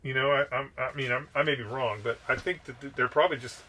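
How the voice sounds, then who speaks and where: A man's voice: mid-range voice, fairly even intonation, fast, bright, forceful tone, slight background noise. A man co-hosting a podcast, thinking aloud in casual, profane chat and hedging his points. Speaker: podcast co-host.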